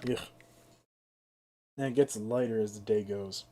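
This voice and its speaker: A man's voice: lowish voice, fairly even intonation, unhurried, warm tone, a little hiss or hum. A young man with a sore throat ranting and swearing through a casual live-stream of a game. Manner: ranting, exasperated, swears freely.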